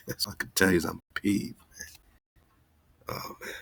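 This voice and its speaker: A man's voice: deep voice, lively intonation, unhurried, vocal fry, a bit bright, husky, no echo. A man hosting an online radio show, talking loosely and straight to his listeners with an exasperated, easygoing manner. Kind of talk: casual live-stream talk.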